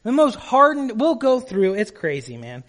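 A man's voice: high-pitched, wildly swooping pitch, moderate pace, a bit bright. A male pastor preaching a sermon in an emphatic way, putting questions to the congregation.

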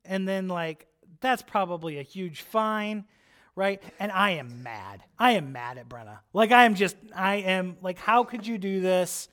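A man preaching, telling a personal story in an animated, chatty way, with lots of "like" and "right?". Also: sits high, a little slow. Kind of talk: storytelling sermon.

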